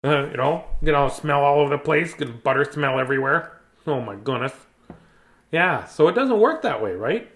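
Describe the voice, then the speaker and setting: A man's voice: a little high, lively intonation, normal speed, a bit bright. A man hosting a bedtime story show, chatting in a playful, rambling way with silly asides. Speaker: storybook reader and host. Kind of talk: casual bedtime story chat.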